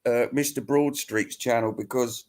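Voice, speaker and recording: Crude ranting bloke. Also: male voice, medium pitch, fairly even intonation, normal speed, a little mellow. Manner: crude, ranting, laughs at his own jokes. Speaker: host answering viewer questions. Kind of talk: rambling comic monologue.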